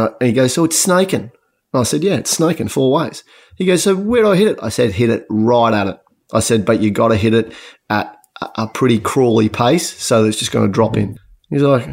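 Gravelly low man spinning a yarn. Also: a little mellow. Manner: rambling anecdote full of fillers and restarts. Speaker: former tour caddie, podcast co-host. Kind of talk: casual storytelling on a podcast.

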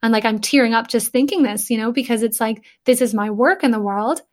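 A woman's voice: fairly high pitch, a little fast. A woman speaking earnestly and emotionally in a casual podcast conversation, thinking aloud with many fillers.

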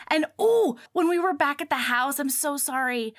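A woman casually retelling a book's plot, acting out the characters' lines in quick bursts. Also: high-pitched, dry recording, studio quality. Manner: animated retelling, acts out dialogue. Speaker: podcast co-host. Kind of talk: casual book chat.

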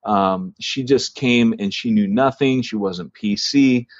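A man's voice: lowish voice, takes it slowly, no room sound, highs cut off. A man hosting a church planting podcast, telling a long story casually, with lots of fillers and restarts.

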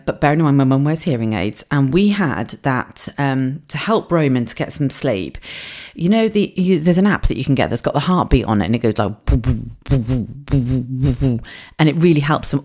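A woman's voice: low-pitched, expressive, brisk, darkish tone. A woman in her forties hosting a solo podcast, telling stories in a chatty, earthy way. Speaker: podcast host. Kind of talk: casual solo podcast storytelling.

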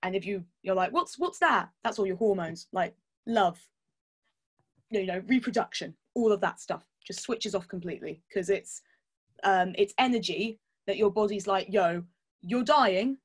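A woman's voice: medium pitch, normal speed, husky. A woman chatting candidly as a podcast guest, laughing often and swearing casually. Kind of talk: casual chat.

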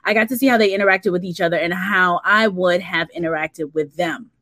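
A woman's voice: fairly low pitch, brisk, fairly bright tone, no echo. A woman co-hosting a casual livestream, reading out viewer comments and laughing often. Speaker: co-host reading live chat.

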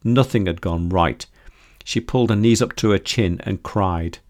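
Male narrator for audiobook fiction, slightly low voice, steady and measured. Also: dry recording, clean studio sound. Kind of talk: scripted narration.

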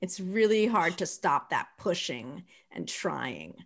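A woman's voice: lowish voice, sing-song, slow pace. A woman interviewing a guest, reacting with short comments and laughter. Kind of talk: casual interview.

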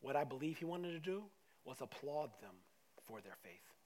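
Animated preacher swinging loud to hushed. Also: male voice, on the high side, moderate pace. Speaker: pastor. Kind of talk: sermon.

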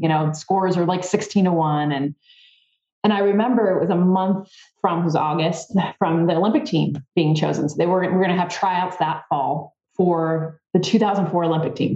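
A woman guest on a podcast, telling a story in a casual, animated way with a lot of "like". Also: fairly low pitch, roomy sound, highs cut off. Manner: animated, fillers with "like", acts out her own thoughts. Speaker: podcast guest, former softball player.

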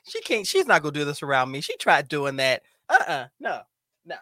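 A man's voice: a little high, wildly swooping pitch, fairly quick, pushed and bright, no room sound, clean studio sound. A man hosting a casual podcast chat, playful and theatrical, dramatizing his stories. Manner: playful, theatrical, jumps into voices. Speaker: podcast host.

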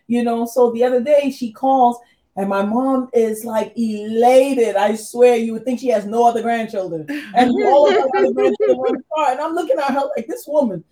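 A woman with a mellow, warm voice shares a family story in a relaxed faith conversation. She tells it in an animated way, acting out what her relatives said. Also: a little high, a little fast, low-quality recording. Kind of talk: casual faith chat, storytelling.

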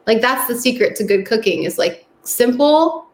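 A woman chatting casually as a guest, candid and quick to laugh. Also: fairly high pitch, expressive. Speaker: podcast host and musician, guest. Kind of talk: casual chat. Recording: echoey room, faint background noise.

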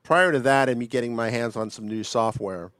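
A man co-hosting a podcast in casual chat, talking in halting bursts with lots of fillers and restarts. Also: medium pitch, fairly bright tone, no room sound. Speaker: podcast co-host.

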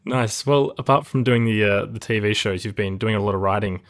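A man's voice: lowish voice, a little fast. A man hosting a podcast, reading an upbeat welcome and chatting with a guest. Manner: upbeat, friendly scripted delivery. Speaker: podcast host. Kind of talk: podcast intro and interview. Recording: music bed under the voice.

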